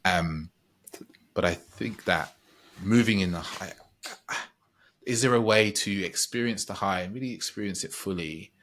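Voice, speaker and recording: A man's voice: low-pitched, a little slow, pauses often, a bit bright. A man speaking as a podcast guest, thoughtful and meandering, often restarting his sentences as he reflects. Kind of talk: reflective conversational chat.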